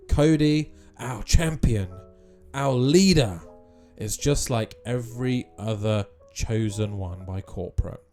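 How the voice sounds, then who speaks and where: A man's voice: medium pitch, dark tone. A man voicing a smug veteran male wrestler who talks in a smirking, mocking way.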